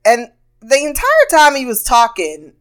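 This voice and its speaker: A woman's voice: high voice, wildly swooping pitch, a little slow, a bit bright. A woman hosting a podcast, recapping a TV episode in a loose, blunt and profane way, laughing often and acting out characters' lines. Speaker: podcast host.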